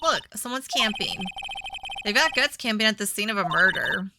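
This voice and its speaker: A woman's voice: mid-range voice, animated, normal speed, very noisy, natural voice. A woman reading a peppy young sidekick. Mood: eager. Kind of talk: reading game dialogue aloud. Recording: game music playing behind.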